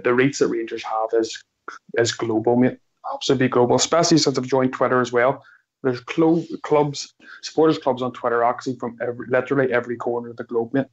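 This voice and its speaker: A man's voice: medium pitch, muffled recording. A man talking enthusiastically about the club's supporters around the world, ending many of his phrases with "mate". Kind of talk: casual chat.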